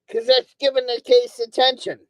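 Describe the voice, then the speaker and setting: A woman with a somewhat high voice rants angrily into a streaming mic, swearing freely and repeating herself over and over. The sound is dry and close, with no room around her. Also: flat delivery, moderate pace, no echo, low-quality recording. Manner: profane, angry, repeats words over and over. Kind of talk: ranting monologue. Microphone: streaming microphone.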